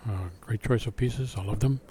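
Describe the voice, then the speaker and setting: A man giving spoken feedback to a school band, singing out rhythms to show them, relaxed and halting with fillers. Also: medium pitch, slight background noise. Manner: sings out rhythms to demonstrate. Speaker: band adjudicator.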